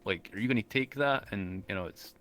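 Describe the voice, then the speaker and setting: An easygoing male host chatting casually in a slangy, relaxed way. His voice sits on the low side but sounds bright and forceful in tone. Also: brisk, no echo. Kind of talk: casual interview chat.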